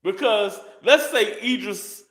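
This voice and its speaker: A man's voice: sits high, slow pace. A man co-hosting a live chat show, joking and repeating himself as he talks. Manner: animated, joking, repeats words. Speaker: co-host.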